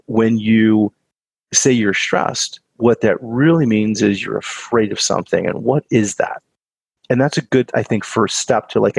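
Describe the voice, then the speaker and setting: A man's voice: lowish voice, gravelly, husky, dry recording, rough recording. A man giving an earnest motivational talk to an audience he calls guys, repeating phrases for emphasis. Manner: earnest, repetitive, addresses listeners as guys.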